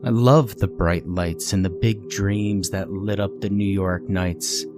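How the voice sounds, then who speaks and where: Deep-voiced male narrator, somber and steady, reading a horror story over soft music. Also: slow pace. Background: faint music.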